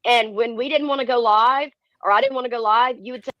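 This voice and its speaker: A woman's voice: fairly high pitch, fairly even intonation, fast talker, dry recording. A woman on a livestream, talking in a confrontational, profane way. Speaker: livestream host. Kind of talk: heated livestream talk. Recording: dull lo-fi livestream audio.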